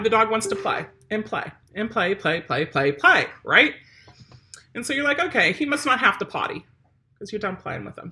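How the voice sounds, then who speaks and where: Her voice sits at medium pitch with a bright, forceful tone as she teaches potty training for dogs. The woman trainer keeps it chatty and direct, speaking right to the viewer.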